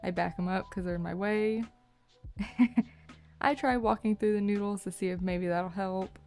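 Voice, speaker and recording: A young woman narrating her horse vlog as a voice-over, cheerful and quick to laugh. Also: mid-range voice, fairly even intonation, darkish tone, soft background music. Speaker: horse owner, vlogger.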